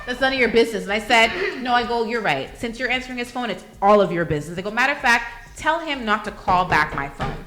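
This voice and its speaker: A woman talks fast in a bright, forceful voice. She is hosting a casual group chat and tells a story, acting out every quote with lively energy. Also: a little high. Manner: animated storytelling, acts out quotes. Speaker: radio show host.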